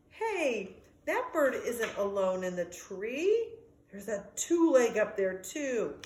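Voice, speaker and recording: A woman voicing a friendly young male dog, anxious but kind, in a lively storybook reading with sound effects. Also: high-pitched, echoey room, pitched above the performer's own voice.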